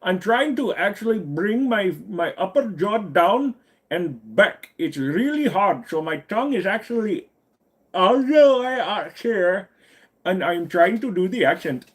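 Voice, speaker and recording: A pushy tech-support scam caller with an Indian accent, put on by a man. His voice sits well above a normal speaking pitch and bounces up and down in a sing-song way. He keeps insisting he can help with everything. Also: big pitch swings, measured pace. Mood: chatty. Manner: overly helpful, insistent.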